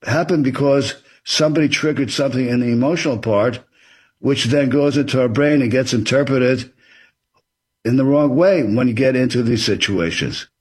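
A man's voice: mid-range voice, moderate pace, slightly rough. A man being interviewed as an author, explaining things in an earnest, advisory way. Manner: earnest and advisory, acts out example dialogue.

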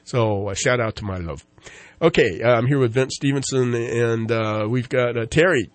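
A man's voice: mid-range voice, normal speed, dry recording. A man hosting a local talk radio show, rambling and joking with lots of fillers and restarts. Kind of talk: casual talk radio chat.

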